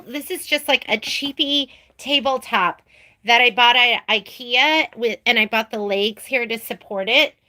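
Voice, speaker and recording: Her voice fairly high and sharp, a woman hosts a casual sewing livestream from her home sewing room. She rambles through the chat and laughs in asides.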